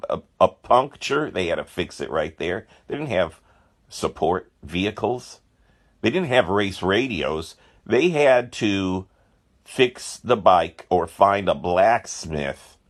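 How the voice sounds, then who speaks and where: A man with a low, deep voice talks casually about his own paintings. His pitch swings widely as he gets excited, and he wanders off into side stories and exclamations. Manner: animated, rambling, full of asides and excited exclamations. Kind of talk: casual chat.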